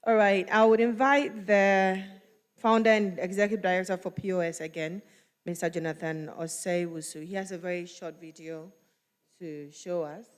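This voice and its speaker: A woman's voice: lowish voice, fairly even intonation, moderate pace, clean tone. Woman emcee in an echoing hall. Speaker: master of ceremonies. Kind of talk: event hosting. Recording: long hall reverb.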